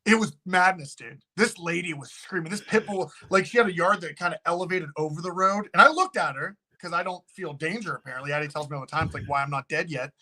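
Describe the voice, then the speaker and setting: A man who owns a haunted location, a guest telling a story in casual, animated talk and swearing freely. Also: fairly high pitch, fast talker, hardly any pauses.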